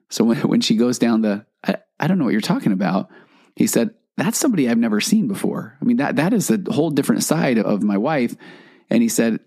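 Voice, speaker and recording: A man's voice: lowish voice, warm tone. A man hosting a solo podcast, explaining in a conversational way and acting out examples from his clients. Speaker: podcast host and counselor.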